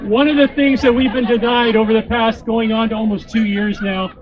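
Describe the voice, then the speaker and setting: A man's voice: extremely high pitch, fairly even intonation, fairly quick, rough recording. A man, a motivational speaker and corporate trainer, giving a joking, crude, rousing speech to a crowd into a handheld microphone.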